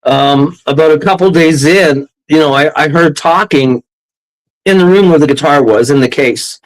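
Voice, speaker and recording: A Canadian man telling a wild story as an interview guest, rambling and excitable, often breaking into laughs. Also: a little high, moderate pace, rough recording.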